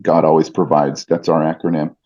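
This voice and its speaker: A man's voice: a bass voice, little pitch movement, a little fast, a little mellow, husky, muffled recording. A man, a podcast guest and ring announcer, earnestly retelling a personal story with vivid detail and fillers.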